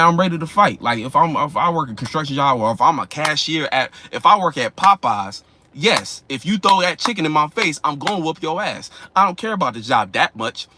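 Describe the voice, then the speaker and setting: A man's voice: a little high, pushed and bright. A man giving a casual astrology talk in a loose, profane, slangy way. He often asks "you know what I'm saying" and acts out the people in his examples. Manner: acts out imagined people in quick voices. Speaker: astrology vlogger.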